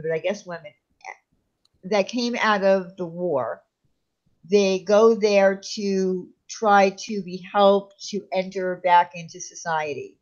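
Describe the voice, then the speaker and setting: A woman in a casual chat, explaining hesitantly with many pauses. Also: medium pitch, highs cut off.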